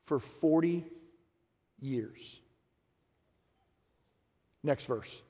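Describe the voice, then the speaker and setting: A man with a fairly high voice preaches a sermon, animated and questioning his listeners. He acts out the lines he quotes. His voice rings with the long reverb of a large hall. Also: drawn-out words, breathy edge. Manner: animated, acting out quotes and asking the congregation questions. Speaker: pastor.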